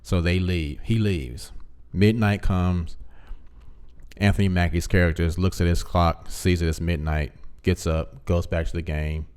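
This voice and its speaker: Low, smooth-voiced man retelling a plot. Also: a little slow. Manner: animated storytelling, acting out characters' lines. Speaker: commentary vlogger. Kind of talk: casual plot recap.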